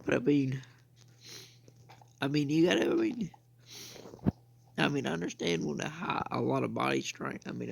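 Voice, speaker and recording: Young male game streamer, very gravelly voice, loose rambling chatter, faint hiss behind. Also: medium pitch. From United States. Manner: rambling, repeats "I mean" and "bro". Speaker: gaming channel host. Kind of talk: casual gameplay commentary.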